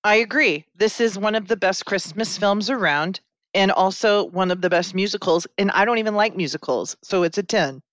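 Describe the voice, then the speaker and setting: A woman co-hosting a podcast in casual chat, expressive and quick to protest. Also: medium pitch, no echo. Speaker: podcast co-host.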